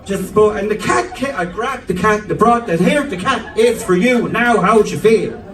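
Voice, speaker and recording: Man doing a fussy mum, high-pitched, fluttery, gushing, echoey room, distant. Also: normal speed, natural voice. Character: fussy middle-aged mum fussing over a cat.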